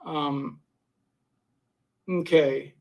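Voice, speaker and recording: A man's voice: fairly high pitch, fairly even intonation, extremely slow, vocal fry. A man hosting a live stream, casually reading viewer comments and rambling through his scoring of suspects. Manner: rambling, repeats and restarts while scoring suspects. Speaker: livestream host.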